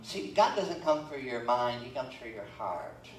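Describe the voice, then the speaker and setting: A man's voice: mid-range voice, animated, measured pace. A man preaching a sermon as pastor, reading scripture aloud and adding folksy, joking asides. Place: church sanctuary. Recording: roomy church echo, from far off, faint room noise.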